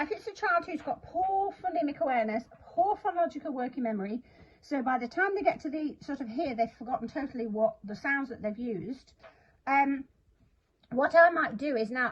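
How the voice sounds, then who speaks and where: Husky woman teaching spelling. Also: sits high, lo-fi sound. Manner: chatty and self-deprecating, sounding words out. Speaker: literacy teacher. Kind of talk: instructional talk to camera.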